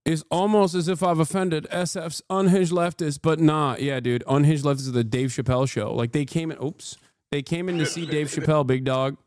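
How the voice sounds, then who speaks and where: A man's voice: a little high, steady tone, a little fast, a little mellow, no room sound. A male streamer giving live reaction commentary in a profane, sarcastic, ranting manner. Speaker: streamer, host.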